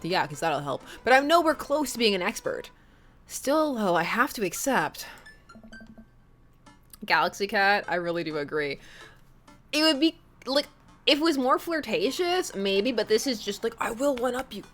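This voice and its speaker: A woman's voice: medium pitch, very animated, moderate pace, long pauses, a bit bright, faint music behind. A young woman streaming a dating game, reading it aloud and chatting playfully with her viewers, laughing often.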